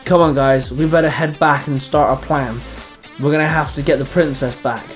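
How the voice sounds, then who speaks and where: A man voicing a steady male ranger who urges the team on in a matter-of-fact way. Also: a little high, normal speed, faint music behind, lightly acted. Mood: urging.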